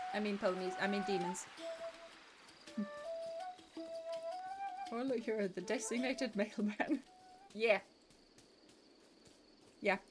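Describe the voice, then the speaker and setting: A woman streamer who laughs often and chats playfully while playing a game. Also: fairly high pitch. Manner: giggly, playful, reads game dialogue aloud. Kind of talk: casual let's-play commentary.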